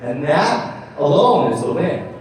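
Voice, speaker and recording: A man's voice: on the high side, very animated, slow pace, a little hiss or hum. A man giving an earnest motivational speech about his own life at a club meeting, acting out his younger self. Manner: earnest storytelling, acts out his own past voice. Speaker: guest speaker. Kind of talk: motivational personal story. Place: meeting room. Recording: very echoey room from a distant mic.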